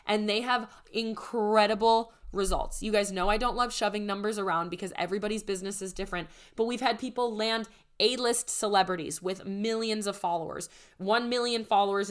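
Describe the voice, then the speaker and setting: Young woman coach hyping her program, voice kinda strained and almost gone, medium pitch. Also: a bit bright. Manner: enthusiastic, persuasive sales pitch. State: strained, nearly losing her voice. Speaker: business coach. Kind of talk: promotional podcast monologue.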